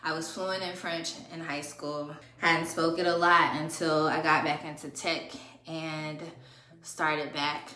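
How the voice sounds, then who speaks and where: A woman's voice: deep voice, level tone, takes it slowly, sharp tone. A woman in her thirties with a lilt, chatting casually to viewers as she does her makeup. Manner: chatty, talks while doing makeup. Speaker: beauty vlogger. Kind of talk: casual get-ready-with-me chat. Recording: roomy echo with music behind.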